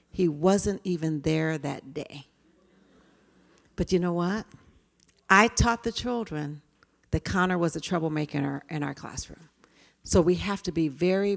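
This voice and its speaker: A woman's voice: sits low, creaky, in a large hall. A woman giving a conference talk to teachers at an education event, with frequent "um" fillers and acted-out teacher and child dialogue. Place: lecture venue.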